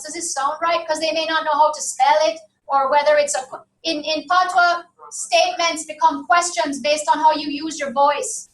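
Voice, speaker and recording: A woman's voice: sits high, a bit bright. A woman giving a university lecture in a classroom, chatty and often checking that the class agrees. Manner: conversational, asks the class for agreement. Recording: echoey room from far off.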